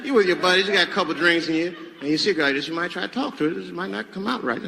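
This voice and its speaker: A male stand-up comedian telling stories on stage in a lively, animated way, jumping into loud high voices for characters. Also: very fast, gravelly. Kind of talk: stand-up storytelling. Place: large theater stage. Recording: echoey theater with audience noise.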